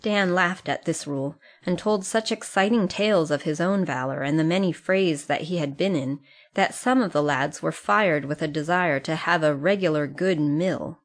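A woman reading a classic novel aloud as an audiobook narrator. Her voice sits on the low side, calm and even as she tells the story. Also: normal speed. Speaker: audiobook reader. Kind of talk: scripted narration.

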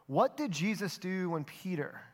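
A man preaching a sermon, telling the story earnestly and dropping his voice softly for emphasis. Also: high-pitched, expressive, a little slow. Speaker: pastor.

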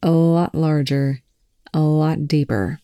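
An audiobook narrator reading prose in an even, measured way. The tone is mellow and dark. The recording is close and dry. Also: medium pitch, clean tone, no room sound. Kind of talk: scripted narration.

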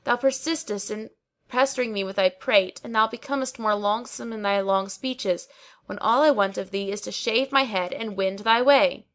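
A woman voicing an impatient young man who pleads and snaps loudly at a chatty barber. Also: medium pitch, moderate pace, close to an everyday voice. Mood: exasperated. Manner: loud, pleading, exasperated.

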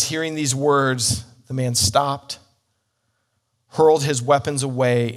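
A man's voice: mid-range voice, fairly even intonation, slow pace. A man teaching the Bible as a sermon, telling a story earnestly with slips and restarts.

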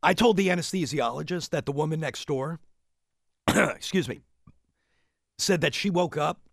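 A man in a casual chat, telling a long story in a rambling, animated way. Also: on the high side, normal speed, vocal fry, dry recording.

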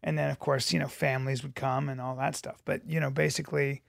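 A man's voice: mid-range voice, flat delivery, a little fast, vocal fry, no room sound, clean studio sound. A man co-hosting a casual podcast, explaining things at length like a lecture. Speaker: podcast co-host. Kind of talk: casual chat.

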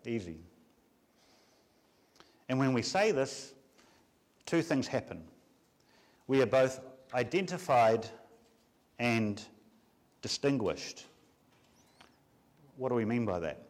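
A man, a pastor, preaching a Sunday afternoon sermon with measured emphasis and many rhetorical questions. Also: medium pitch.

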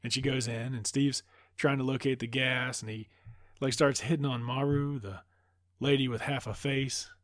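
A man's voice: medium pitch, steady tone, normal speed, no echo, clean studio sound. A man casually recapping a movie plot, rambling and swearing freely as he goes.

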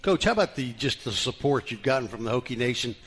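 A man's voice: medium pitch, animated, fast talker, a bit bright, husky. A man co-hosts a live radio sports interview. His voice sits in a middle range, and he puts his questions to the guest casually and conversationally. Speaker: radio co-host asking questions.

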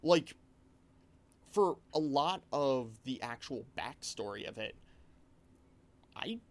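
A man's voice: medium pitch, takes it slowly. A man chatting casually as a game master, telling a spooky session with many restarts. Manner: rambling, animated storytelling with many restarts. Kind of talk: casual chat.

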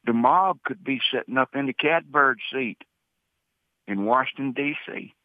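A man's voice: mid-range voice, expressive, normal speed, no room sound. A man calls in to a radio talk show, his voice squeezed thin by a tinny phone line. He rambles along in a folksy, colloquial way, and the line sounds dry with no room around it. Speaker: caller. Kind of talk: casual call-in chat. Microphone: telephone.

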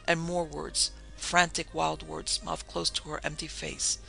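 A man reading a novel aloud as a steady, measured audiobook narrator. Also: on the high side, vocal fry, faint music behind, rough recording. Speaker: audiobook reader. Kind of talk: scripted narration.

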